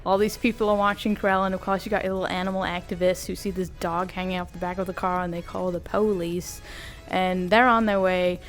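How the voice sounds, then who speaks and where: A woman giving a casual, animated recap of a cartoon while she draws, slangy and amused. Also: on the low side, a little fast, faint music behind. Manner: animated, amused, often laughing; slangy, conversational. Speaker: video creator.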